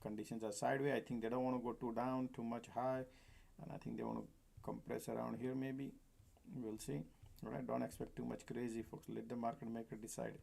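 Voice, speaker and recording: On a live stock trading stream, a man gives market commentary, chatting casually with viewers he calls folks and laughing a lot. His medium-pitched voice is a little fast, a little mellow, and fairly flat, with vocal fry, and he sometimes drifts away from his desk mic.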